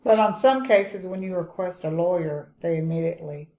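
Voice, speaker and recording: A woman co-hosting a true crime podcast, adding measured remarks in casual chat. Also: on the low side, mellow. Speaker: podcast co-host. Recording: roomy, off-mic.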